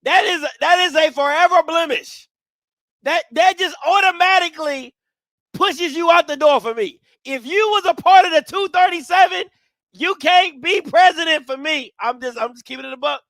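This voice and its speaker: High, bright-voiced man ranting casually. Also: moderate pace, dry recording, clean studio sound. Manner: blunt, animated, slangy and joking. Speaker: live stream reaction host. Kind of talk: casual live reaction commentary.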